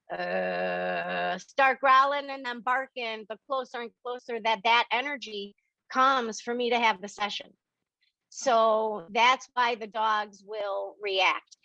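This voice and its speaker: A woman's voice: a little high, gravelly, pushed and bright, no echo. A woman hosting a spiritual Q&A on a video call, chatty and acting out the dialogue she quotes. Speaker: spiritual medium hosting a member Q&A. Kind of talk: casual, animated explaining. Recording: dull, lo-fi video-call audio.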